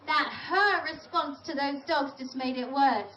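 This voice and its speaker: A woman's voice: high voice, a little slow, hardly any pauses, a bit bright. A woman dog trainer lecturing an audience in a chatty, direct and emphatic way. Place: large event venue. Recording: roomy, distant, dull audio with faint noise.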